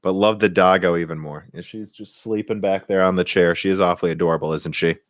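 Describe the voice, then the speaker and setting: A dry, studio-quality recording of a young man whose voice sits low and holds a steady tone. He's from Minnesota, with a Midwestern American accent of the Minnesota, Michigan and central Illinois type, casually answering viewer questions on a live stream in a home room, opinionated and bursty, with restarts and laughs.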